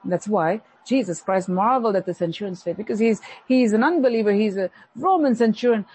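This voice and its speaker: Husky-voiced woman preaching a sermon. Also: fairly high pitch, rough recording. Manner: animated preaching, acting out complaining voices. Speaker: pastor.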